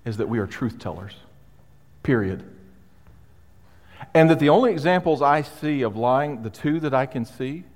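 A male pastor preaching a sermon in a conversational, emphatic way, with pauses for weight. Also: mid-range voice. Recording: long hall reverb.

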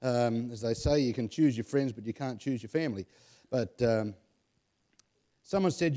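A man's voice: medium pitch, normal speed, long pauses, mellow. Australian man chatting with many fillers. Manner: rambling, chuckling, many fillers. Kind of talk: casual chat.

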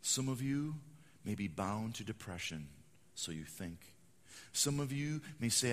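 A man preaching a sermon, acting out quotes and swinging between loud proclamations and hushed asides. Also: fairly low pitch, very animated, measured pace. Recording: long hall reverb.

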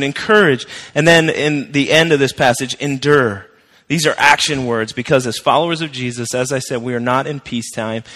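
A man's voice: mid-range voice, sharp tone, big-room sound. A male pastor preaching a sermon in a conversational, emphatic way, repeating his key phrases.

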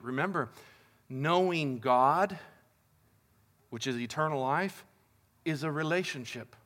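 A man's voice: a little high, fairly bright tone. A man preaching as a pastor, in a casual, conversational and upbeat way, talking to the congregation as guys. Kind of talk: casual sermon.

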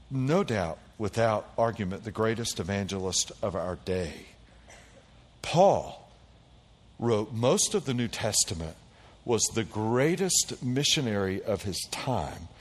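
A man preaching a sermon, calling out to the congregation and swinging between quiet low passages and loud high bursts. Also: slow, long pauses, big-room sound. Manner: animated preaching with call-and-response. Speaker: pastor.

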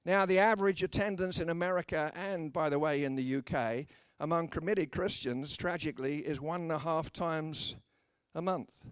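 A man's voice: on the high side, fairly even intonation, normal speed, smooth, no echo, clean studio sound. A man preaching a sermon with emphasis, breaking into joking asides to the congregation.

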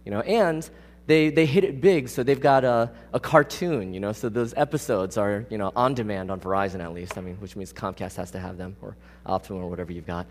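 Speaking fairly quickly in a lower voice, a preacher gives a relaxed but emphatic sermon and often asks his congregation questions. A large hall lends a long reverb, and there's slight background noise.

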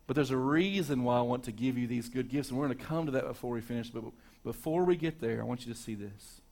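Male pastor, dynamic sermon delivery, loud peaks and near-whispered lows, mid-pitched voice. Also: fast talker, hardly any pauses. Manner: dynamic preaching, swinging from loud to hushed.

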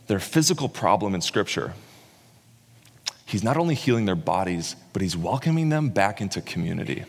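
A man preaching a sermon, telling the story in an animated way and acting out the words of its characters. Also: fairly low pitch. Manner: animated storyteller who acts out quotes. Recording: long reverb in a large hall.

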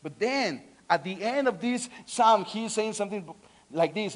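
A man, swinging between loud pleading and soft earnestness, often restarting and repeating words. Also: high-pitched, moderate pace. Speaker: preacher. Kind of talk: sermon.

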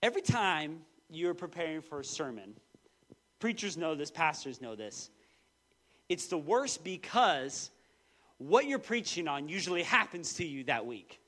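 A man in his thirties preaching a sermon, telling personal stories with lively, acted-out quotes. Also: unhurried. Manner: animated storytelling, quoting voices with big pitch jumps. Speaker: pastor.

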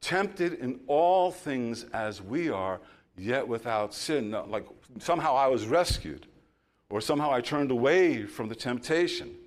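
A middle-aged male pastor preaching a sermon, telling a story that builds to loud emphasis and then drops soft. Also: mid-range voice, expressive, a little slow.

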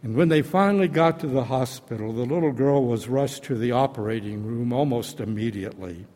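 A man preaching a sermon, retelling a story in a slow, deliberate, dramatic way. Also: mid-range voice, mellow. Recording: long hall reverb.

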